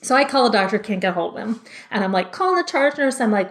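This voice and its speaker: A woman's voice: fairly high pitch, quick pace. A woman in her thirties, a former labor and delivery nurse, telling a story as a podcast guest and acting out what she said back then. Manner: lively storyteller who acts out her own lines in quotes.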